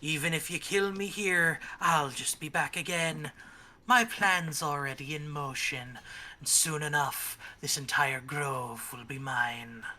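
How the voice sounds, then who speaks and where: A game master voicing a scheming, boastful hag villain who makes slow, menacing threats in a tabletop role-play. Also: mid-range voice, pushed and bright. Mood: gloating. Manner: gloating, slow drawn-out threats.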